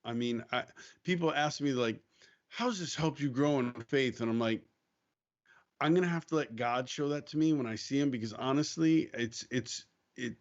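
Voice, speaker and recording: A man speaking as a guest on a faith podcast, telling a story in a casual, animated way, acting out quoted lines and laughing easily. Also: mid-range voice, highs cut off. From United States.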